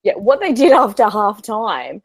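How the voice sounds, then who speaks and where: A woman co-hosting a football podcast, emphatic and repeating her points, her voice strained from yelling. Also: medium pitch, very animated, a little slow, husky, dry recording. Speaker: podcast co-host. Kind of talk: casual football chat.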